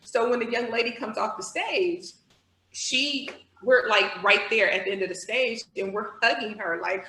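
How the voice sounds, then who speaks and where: A woman in her forties tells a personal story as a podcast guest, acting out her thoughts and reactions. Her voice is bright and clear. The room gives it a noticeable echo. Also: a little high, normal speed, slight background noise.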